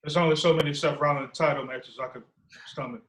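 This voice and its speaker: A man co-hosting a casual podcast, talking quickly in a frank, slightly weary way. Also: on the high side, fairly even intonation, a bit bright, poor audio. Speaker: podcast co-host.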